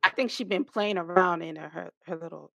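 A woman co-hosting a casual podcast chat, talking in an animated, playful way and laughing often. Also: fairly low pitch, moderate pace, gravelly, no room sound. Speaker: podcast co-host. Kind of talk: casual chat about wrestling.

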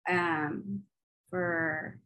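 Female podcast co-host, animated storyteller, earnest in prayer. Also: lowish voice, extremely slow, poor audio. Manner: animated storytelling, laughs often, turns soft and earnest in prayer. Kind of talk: faith podcast chat and prayer.

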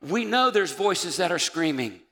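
A man preaching a sermon as pastor, building from quiet reflection to fervent shouting. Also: sits high, very animated, unhurried. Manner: impassioned preaching, rising to shouts. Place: church sanctuary. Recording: reverberant church hall.

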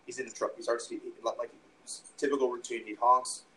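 Young man, rambling, swears a lot, lots of restarts, middle pitch, faint noise. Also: flat delivery, fast, pushed and bright, poor audio. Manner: rambling, profane, many restarts and fillers. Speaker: podcast guest, musician. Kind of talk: casual storytelling.

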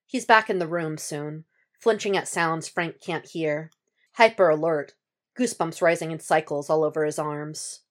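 Woman, podfic narrator, low voice, steady measured storybook reading. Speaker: podfic reader. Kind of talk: audiobook reading of fan fiction.

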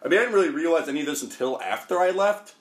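A young man from Calgary with a Canadian accent recounts his years abroad in a relaxed, conversational way. His delivery is animated and jokey. He swears casually as he goes. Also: a little high, very fast. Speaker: guest. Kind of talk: casual storytelling chat.

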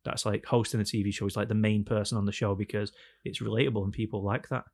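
A man with a Northern English accent in casual podcast chat, telling animated stories. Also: on the low side, fast. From Northern England. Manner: animated storyteller, slips into mock voices. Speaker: podcast co-host.

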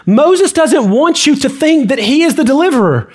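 A man's voice: extremely high pitch, animated, moderate pace, a little mellow. Emphatic preaching man. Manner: emphatic preaching with repeated phrases. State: out of breath. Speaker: pastor. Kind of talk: sermon.

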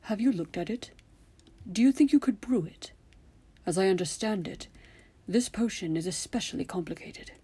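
Elderly male headmaster, calm, commanding, soft whispered delivery, husky tone, woman reader putting it on. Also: medium pitch. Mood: coaxing. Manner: soft, measured, often whispered.

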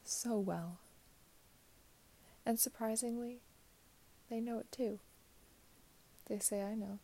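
Young woman, mellow tone, reflective monologue slipping into whispers. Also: on the high side, slow pace. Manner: soft, drifting in and out of whisper.

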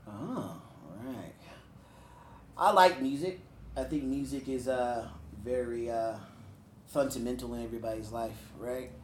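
A speaker leading a casual group discussion, asking quick questions and giving short replies. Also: medium pitch. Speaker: discussion leader. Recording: roomy with faint background noise.

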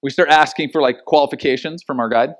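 Male pastor, middle-aged, sermon delivery; animated storyteller who acts out quotes, voice sits a bit high. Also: fast.

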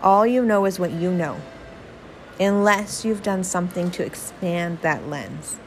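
A woman's voice: on the low side, a little slow, faint music behind, poor audio. A woman hosting a podcast, talking straight to her listeners in an earnest, encouraging way. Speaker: podcast host. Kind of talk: motivational podcast monologue.

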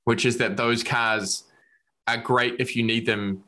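A man hosting a podcast, his voice bright and forward. He chats casually and eagerly, dropping in quick affirmations as he goes. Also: medium pitch, steady tone. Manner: enthusiastic, frequent affirming interjections. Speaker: podcast host. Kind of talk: casual interview chat.

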